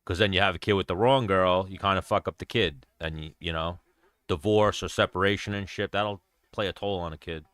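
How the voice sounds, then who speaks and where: Blunt, profane man with a deep voice. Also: a little fast, a bit bright, no room sound, studio quality. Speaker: show host. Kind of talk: casual livestream chat.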